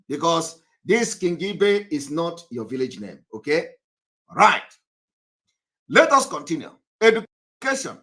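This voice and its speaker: A man's voice: a little high, pushed and bright. A man from Nigeria hosting a live online broadcast, talking straight to viewers in an emphatic, scolding way and repeating his points.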